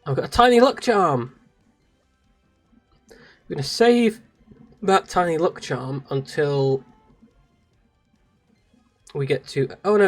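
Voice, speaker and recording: A man from England with an English accent, casually commenting on his game stream and chatting with viewers. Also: mid-range voice. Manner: chatty, laughing at himself, reads chat aloud. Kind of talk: live gameplay commentary. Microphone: streaming microphone.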